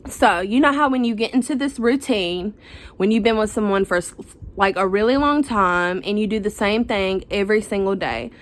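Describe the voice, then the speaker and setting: A woman's voice: medium pitch, normal speed. A young woman, telling a personal story to the camera in a chatty, dramatic, slangy way. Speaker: vlogger.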